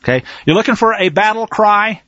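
A man's voice: high-pitched, brisk, pushed and bright, no echo, muffled recording. A man preaching a sermon, reading scripture aloud and commenting in a folksy, fiery way.

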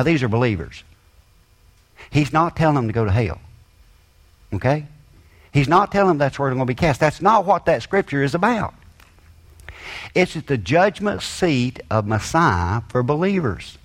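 A man preaching a sermon with an emphatic, rising and falling cadence and folksy grammar. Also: mid-range voice.

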